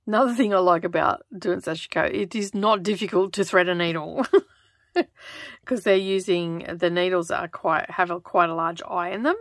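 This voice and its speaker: An Australian woman chatting casually as she stitches, rambling and laughing often, keeping her voice lowered toward a close microphone in her home craft studio. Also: normal speed, fairly bright tone, no echo. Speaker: craft vlogger. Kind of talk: casual chat while stitching. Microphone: close microphone in front of her.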